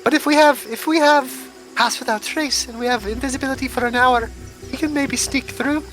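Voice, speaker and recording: A woman playing a tabletop game, chatting casually and thinking out loud as she plans. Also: high voice, fairly even intonation, a little fast.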